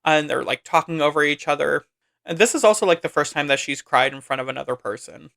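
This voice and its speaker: A man's voice: on the high side, gravelly, bright, forceful tone, clean tone. A man hosting a podcast, chattily recapping a film with lots of asides and "like.". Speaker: podcast host.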